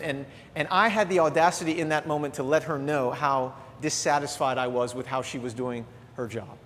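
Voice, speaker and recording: Male pastor, middle-aged, sermon, slightly high voice, earnest preaching, long hall reverb. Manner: energetic preaching, animated, drops to soft asides. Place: church sanctuary.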